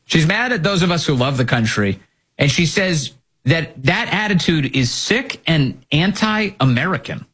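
A man's voice: a little high, expressive, measured pace, a bit bright, breathy edge. A male host delivering opinionated commentary, indignant and firing off rhetorical questions.

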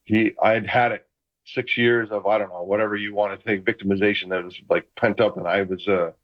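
A man in his sixties, a retired football player calling in from a room at home, telling lively stories in casual chat. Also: on the low side, a little fast, highs cut off. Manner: animated, enthusiastic anecdotes. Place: home room full of memorabilia.

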